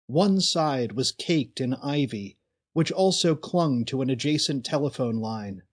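A man narrating a scripted audio story in a deliberate, storytelling manner. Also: mid-range voice.

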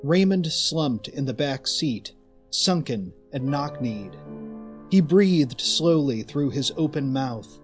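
A man narrating a scripted audio story in a deliberate, storytelling manner. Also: medium pitch, lively intonation, soft background music.

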